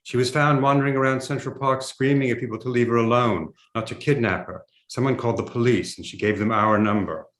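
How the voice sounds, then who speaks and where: A man voicing a haughty upper-class English mother in a memoir reading, speaking in a hushed, grave and cutting way. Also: medium pitch, steady tone, a little fast, few pauses, pitched above the performer's own voice, lightly acted. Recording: roomy echo.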